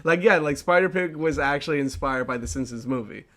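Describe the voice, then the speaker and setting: A man's voice: on the high side, brisk, a bit bright. A young man hosting a casual chat show, rambling with fillers and restarts and laughing often. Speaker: podcast host.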